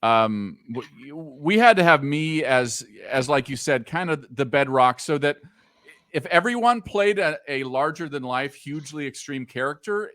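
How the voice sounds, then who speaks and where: Calm, easygoing man, dry sound. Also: on the high side, moderate pace, no echo. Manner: calm, easygoing, laughs often. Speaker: voice actor guest. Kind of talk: casual podcast interview.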